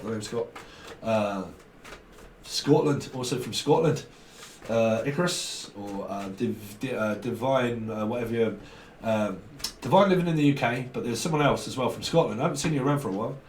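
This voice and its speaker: A man's voice: medium pitch, lively intonation, moderate pace. A British man giving a rambling, casual tarot reading, joking and laughing often, slipping into slang. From Britain. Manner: chatty, jokey, laughs often, slips into slang and mock voices. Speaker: tarot reader. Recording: echoey room, distant mic, faint noise.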